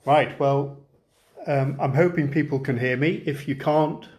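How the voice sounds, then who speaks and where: A man's voice: fairly high pitch, measured pace, darkish tone. A man hosting an online gathering over a video call, talking hesitantly with many fillers before reciting a comic poem. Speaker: storyteller at an online event.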